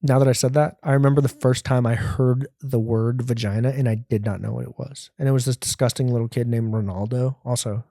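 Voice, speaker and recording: A male comedian riffs through a casual solo rant, profane and self-mocking as he wanders between stories. His tone is mellow and dark, and the recording is close and dry. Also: medium pitch, dry recording. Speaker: comedian and podcast host.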